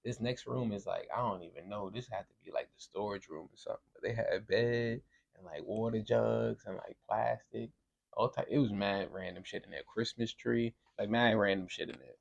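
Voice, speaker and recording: A young man from Brooklyn, telling a wild story on a podcast in a casual, profane, animated way. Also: on the low side, a little fast, creaky, highs cut off. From Brooklyn, New York. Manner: animated, profane, acts out voices in quotes.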